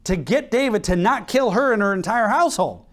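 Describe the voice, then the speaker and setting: An American man preaching from the pulpit, his voice sitting a bit high and swinging widely up and down. He acts out little exchanges between people and often breaks into laughter between verses. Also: lively intonation, fairly quick. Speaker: pastor. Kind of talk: sermon.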